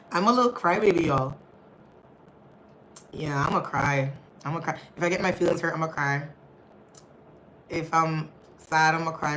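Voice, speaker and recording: With a low voice and a fairly bright tone, a young woman livestreams casually, talking to her viewers and reading their comments aloud. She laughs a lot and addresses them as y'all, over slight background noise in a rough recording.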